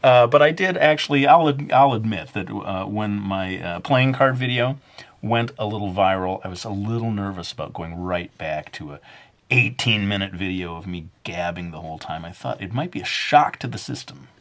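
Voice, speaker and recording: A man with a somewhat low voice walks viewers through a drawing in a deliberately put-on Brooklyn accent. He rambles loosely, filling pauses with uhs and poking fun at himself as he sketches. The talk stays casual and conversational. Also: a bit bright. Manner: jokingly putting on a Brooklyn accent; rambling and self-mocking, with many fillers. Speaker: drawing instructor. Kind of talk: casual drawing tutorial narration.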